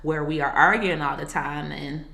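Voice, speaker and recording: A woman with a low voice that still has a bright, forceful edge shares her story as an interview guest. She talks in an earnest, reflective way and drops casual asides to the host. The room is noticeably echoey. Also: steady tone, moderate pace, vocal fry. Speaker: marriage coach and author, podcast guest.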